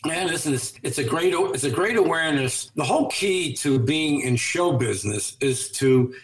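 A man's voice: on the high side, lively intonation, moderate pace. Earnest man in an echoey room. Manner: earnest, coaching tone. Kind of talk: motivational interview talk.

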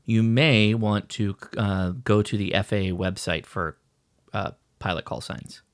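A man with a gravelly, creaky voice co-hosts a podcast in relaxed chat. He delivers dry, deadpan jokes and often restarts his sentences. The recording is close and dry. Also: lowish voice, measured pace, no room sound. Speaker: podcast co-host. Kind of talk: casual chat.

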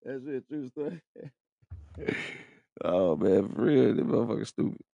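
A man's voice: mid-range voice, lively intonation, unhurried, gravelly, dark tone, no room sound, dull audio. A man, rambling in a profane, casual street-talk monologue.

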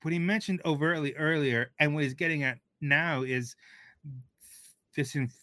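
A man from Texas speaking as a guest food writer on a radio panel, measured and halting, with frequent restarts. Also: a little high, pushed and bright, no echo.

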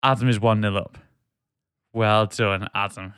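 A man's voice: fairly low pitch, fairly even intonation, a little slow, fairly bright tone, clean tone, dry recording, clean studio sound. A man, hosting a casual podcast quiz in a joking, teasing way. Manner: joking, teasing, reads quiz quotes aloud. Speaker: podcast host running a quiz. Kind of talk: casual chat.

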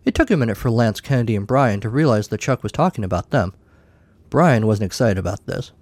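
A man's voice: fairly low pitch, animated, brisk, darkish tone, dry recording. A man narrating a comic short story in a wry, dry way.

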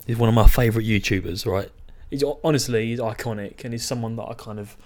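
A man's voice: medium pitch, fairly even intonation, fast talker, darkish tone. A man from England co-hosting a podcast, chatting casually with blunt opinions and frequent laughter. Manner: laughing, blunt, swears freely. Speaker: podcast co-host. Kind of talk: casual chat.

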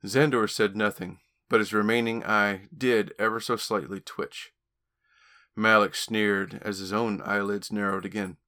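Man reading own book aloud, low voice, bright forceful tone, steady storytelling. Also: unhurried. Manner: steady storytelling with occasional stumbles. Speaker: author and podcast host.

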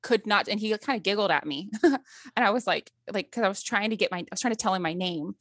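A woman's voice: mid-range voice, quick pace, fairly bright tone, no room sound, clean studio sound. A woman in her thirties, a podcast guest telling a personal story in casual conversation, acting out quotes and laughing often.

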